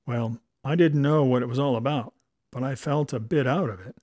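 A man's voice: mid-range voice, normal speed, a little mellow, dry recording. Wry male audiobook narrator. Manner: dry, wry first-person storytelling. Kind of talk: audiobook narration of a comic novel.

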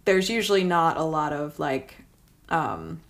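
A woman in her thirties co-hosting a podcast, casually chatting about movies, animated and swearing freely. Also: low-pitched, measured pace. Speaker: podcast co-host.

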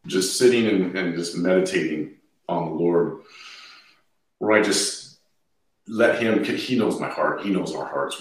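A man, a podcast guest, earnestly sharing his faith and quoting scripture freely in conversation. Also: sits low. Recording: echoey, distant from the mic.

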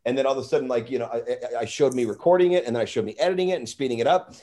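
A man hosting a podcast, telling a story in an animated, rambling way and swearing freely. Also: medium pitch, very fast. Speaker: podcast host. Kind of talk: casual storytelling.

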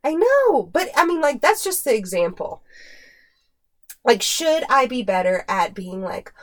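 Animated, laughing woman hosting a podcast. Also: sits high, measured pace. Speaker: podcast host. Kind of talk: casual chat.

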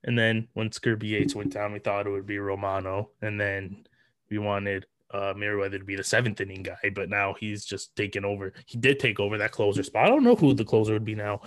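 A man hosting a sports podcast, chatting casually with halting speech and many fillers. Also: fairly low pitch, no echo, studio quality. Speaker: podcast host.

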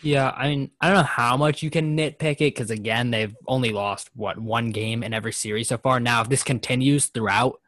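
A man's voice: mid-range voice, a little fast, hardly any pauses, a bit bright, dry recording, clean studio sound. Laid-back young man joking about sports. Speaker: podcast co-host. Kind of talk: casual sports chat.

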